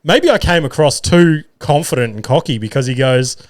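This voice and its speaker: An Australian man tells stories on his own podcast, swearing freely and poking fun at himself with lively energy. His voice sits at an ordinary middle pitch for a man. The sound is close and dry, with almost no room around it. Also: normal speed, dry recording. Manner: profane, animated, self-mocking. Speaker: podcast host. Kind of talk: casual storytelling monologue. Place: single-car garage studio. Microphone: studio mic.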